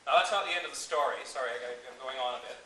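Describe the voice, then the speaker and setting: A man's voice: medium pitch, rapid-fire, pushed and bright. Man, middle-aged, wry party speech, distant mic in a reverberant hall. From Canada. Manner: wry anecdotal storytelling. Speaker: associate priest. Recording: echoey distant recording with noise.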